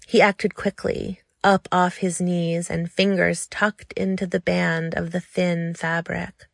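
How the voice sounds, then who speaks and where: A woman narrating a story in a slow, lingering, intimate way. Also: on the low side, level tone, gravelly, no room sound, clean studio sound.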